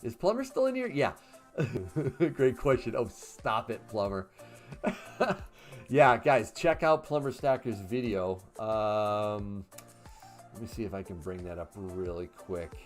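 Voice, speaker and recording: A man's voice: fairly low pitch, lively intonation, takes it slowly, faint music behind. A man in his fifties hosting a casual livestream, reading chat questions aloud and answering in a chatty way with fillers and laughs. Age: 50s. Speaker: livestream host.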